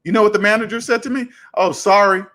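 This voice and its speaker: Finance channel host, man, pitched high, tells a story in a lively way, voicing both sides of the dialogue. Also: rapid-fire, faint music behind. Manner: animated, retells arguments with quoted dialogue. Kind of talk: casual storytelling to camera.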